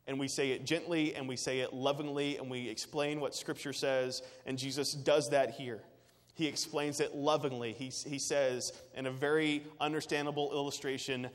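A man's voice: medium pitch, flat delivery, moderate pace, in a large hall. A man preaching a sermon as pastor, earnest and emphatic, with repetitive phrasing.

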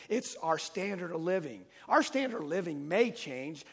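A man preaching a Sunday-morning sermon, emphatic and rising and falling in loudness as he reads and explains scripture. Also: on the high side, sing-song, moderate pace, vocal fry, few pauses, husky, in a large hall. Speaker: pastor.

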